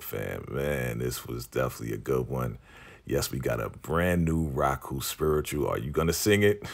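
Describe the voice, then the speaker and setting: A man recapping a TV episode in a casual, animated, slangy way, acting out the characters' lines. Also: very deep voice, creaky, husky. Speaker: TV recap vlogger.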